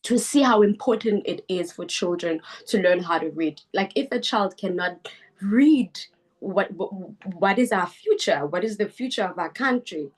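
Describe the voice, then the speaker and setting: A woman on a video call, earnestly describing her book club work with many halting restarts. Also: medium pitch, expressive. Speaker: book club founder speaking at a webinar. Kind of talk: online meeting talk.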